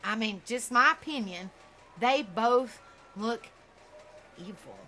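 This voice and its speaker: Outspoken woman reacting on camera, bright voice. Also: a little high, animated, slow pace, faint music behind. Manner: talks straight to viewers, stumbles over words, outspoken. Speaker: true crime commentary host. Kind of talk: casual reaction commentary.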